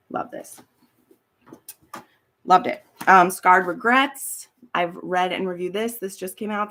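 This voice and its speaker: A woman's voice: on the low side, creaky, fairly bright tone. A woman hosting a casual live stream, chatting in a rambling way, swearing freely and laughing easily. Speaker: booktube host. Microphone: streaming from home setup.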